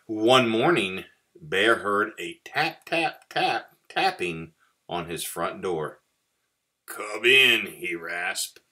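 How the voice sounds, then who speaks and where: Pastor reading a children's picture book aloud, deep voice, bright tone, unhurried, expressive. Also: male voice. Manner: expressive storytelling.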